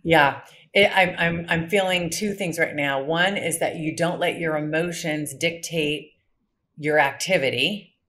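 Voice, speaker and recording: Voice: medium pitch, unhurried, pushed and bright. A podcast host in casual conversation, enthusiastic and rambling, often restarting phrases while thinking aloud. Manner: enthusiastic, rambling, repeats words as thoughts form.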